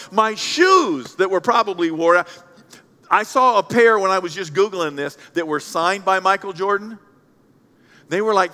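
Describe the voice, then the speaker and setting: A male pastor delivers a playful, animated sermon, trading loud bursts for quiet asides. His voice sits high and sounds bright and forceful. The sound carries the long reverb of a large church hall.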